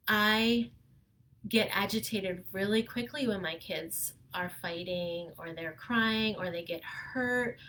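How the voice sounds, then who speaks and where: A woman parent coach giving earnest, gentle advice in a live video talk, with many pauses. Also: medium pitch.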